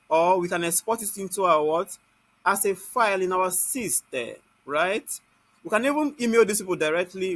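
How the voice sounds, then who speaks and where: A man with a Nigerian accent leads a live online software class. He keeps asking the class "what?" and then answers it himself. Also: high voice, no echo. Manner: scolds students in Nigerian Pidgin.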